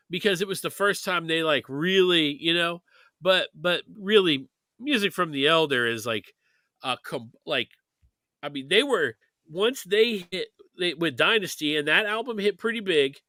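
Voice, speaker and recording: A man's voice: on the high side, sharp tone, dry recording. A man co-hosting a music podcast, talking in a loose, rambling way with many restarts. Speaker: podcast co-host. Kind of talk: casual chat.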